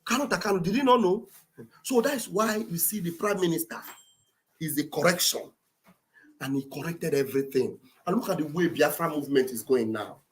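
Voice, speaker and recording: Fiery Nigerian Igbo woman host. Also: low voice. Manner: fiery and rhetorical, rising to shouts, keeps asking "eh?". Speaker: livestream host. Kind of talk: impassioned political commentary.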